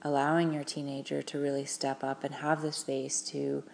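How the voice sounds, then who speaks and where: A woman giving parents earnest, gentle advice, talking with frequent fillers and restarts. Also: very deep voice, little pitch movement, moderate pace, vocal fry, slight background noise. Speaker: parenting advisor.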